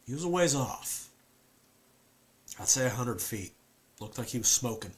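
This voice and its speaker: A man's voice: mid-range voice, lively intonation, measured pace, natural voice. A man putting on a haunted Southern storyteller. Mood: grim, haunted. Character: grieving rural Southern man, weary and haunted. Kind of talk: dramatic monologue storytelling.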